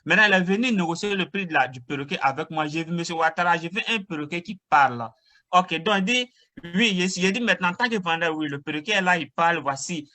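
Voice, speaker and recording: Man, interpreter, fast, bright tone, higher voice, recapping. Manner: quick, recapping. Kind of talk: retelling a joke in French.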